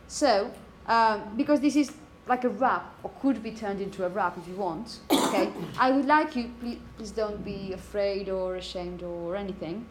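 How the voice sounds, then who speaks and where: A woman's voice: medium pitch, moderate pace, few pauses, slight background noise. A woman teaching a phonetics lecture to teachers. She explains step by step, checks in with the class as she goes, and chants example phrases to show the rhythm. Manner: explanatory, checks in with "okay?" and "yeah?".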